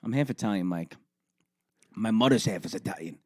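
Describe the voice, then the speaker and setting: A man's voice: on the low side, animated, a little fast, a little mellow, dry recording, studio quality. A man in his twenties co-hosting a podcast, bantering crudely with lots of swearing. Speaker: podcast co-host. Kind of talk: casual chat.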